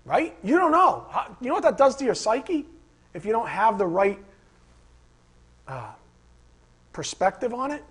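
A pastor preaching a sermon, mixing Scripture with animated personal stories and rhetorical questions. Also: male voice, very high voice, unhurried, pauses often, husky. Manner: animated storytelling with acted asides and rhetorical questions.

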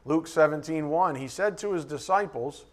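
Male Bible teacher, slightly high-pitched, conversational and joking with emphatic bursts. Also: moderate pace. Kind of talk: sermon.

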